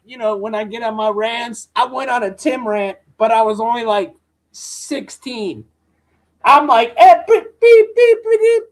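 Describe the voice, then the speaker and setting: Very high-voiced man telling rambling stories. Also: a bit bright. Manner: profane, slangy, rants full of "bro" and "dude". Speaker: live-stream host. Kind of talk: casual rambling storytelling.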